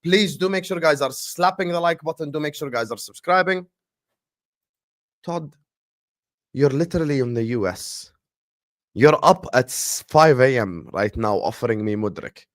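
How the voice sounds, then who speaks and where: A man's voice: medium pitch, normal speed, dry recording, clean studio sound. Hyped man hosting a football stream. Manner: hyped, shout-outs to viewers. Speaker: host. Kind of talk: casual live-stream football chat.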